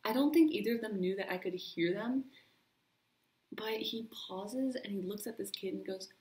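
A woman's voice: mid-range voice, normal speed, a little mellow. Young woman rambling on a laptop mic. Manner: chatty and rambling, full of "like". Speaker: vlogger. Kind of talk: casual makeup tutorial chat. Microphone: built-in computer mic.

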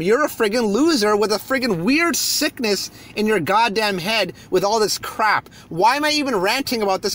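A man's voice: high voice, fairly bright tone. A man on his YouTube channel, ranting heatedly and hurling insults from a parked car. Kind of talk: angry rant video.

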